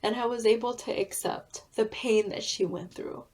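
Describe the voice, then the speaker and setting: A woman author and therapist being interviewed, sharing a heartfelt personal story in an earnest, deliberate way. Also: on the high side, steady tone, darkish tone.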